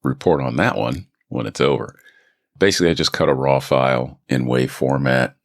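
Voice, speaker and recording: A man's voice: very deep voice, normal speed, vocal fry. A man hosting a voice-acting podcast, talking casually and rambling into a studio microphone. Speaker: podcast host and voice actor.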